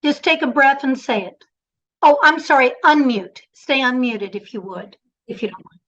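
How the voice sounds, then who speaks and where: A woman's voice: high voice, normal speed, a bit bright, lo-fi sound. A woman coaching presenters in an online workshop, encouraging and directive, speaking over a video call.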